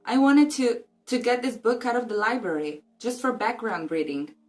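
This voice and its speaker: A woman's voice: fairly high pitch, normal speed, soft background music, pitched above the performer's own voice, lightly acted. A woman reading aloud and voicing a twelve-year-old schoolgirl who stammers nervously and is eager to please.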